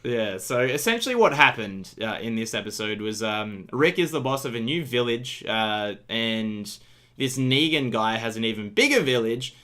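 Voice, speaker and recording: A man's voice: medium pitch, lively intonation, moderate pace, a bit bright. Easygoing male co-host chatting. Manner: easygoing, chatty, recaps plots. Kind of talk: casual podcast chat.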